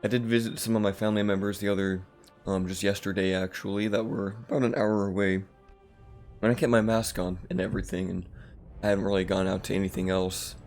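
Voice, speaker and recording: A man with a slightly rough morning voice, casually commenting on a strategy game as the channel host, relaxed and rambling with fillers. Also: low voice, quick pace, soft background music.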